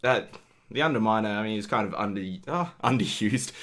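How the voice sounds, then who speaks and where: A young man chats on a casual podcast, his voice bright and forward. He keeps things jokey and animated, laughing easily at his own puns. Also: on the low side, a little fast. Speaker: podcast co-host. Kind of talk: casual chat.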